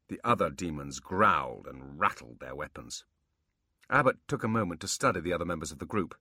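Deep-voiced male storyteller, lively and bright, husky, dry close mic; good for fantasy audiobooks. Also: brisk, no room sound. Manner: expressive storytelling. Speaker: audiobook narrator. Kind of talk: scripted fantasy narration.

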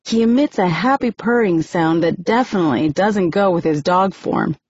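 A woman narrating a novel in the first person, steady and measured, on a dry, muffled recording. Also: lowish voice, husky, no echo. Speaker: audiobook narrator.

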